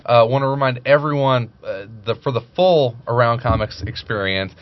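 A man's voice: mid-range voice, normal speed, muffled recording. A man hosting a casual podcast, reading plugs and show business. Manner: upbeat, announcing plugs. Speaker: host. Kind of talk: casual chat with announcements.

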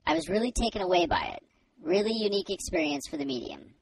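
Squeaky puppet, gravelly, heard from far off the mic. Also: male voice, sing-song, quick pace, slight background noise, exaggerated voice. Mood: earnest. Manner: high-pitched put-on puppet voice. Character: squeaky gravelly male puppet reading fan mail.

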